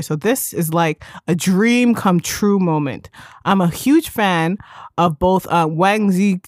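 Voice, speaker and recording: A woman's voice: fairly low pitch, dry recording, studio quality. A woman co-hosting a podcast in casual chat, giggly and chatty, often trailing off and restarting. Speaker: podcast co-host.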